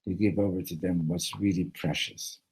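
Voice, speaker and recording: Man, yeshiva teacher, mellow warm tone, halting, repeats words, keeps asking "right?". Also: low voice, fairly even intonation, slightly rough, rough recording. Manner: mixes Hebrew phrases into English. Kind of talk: Torah class.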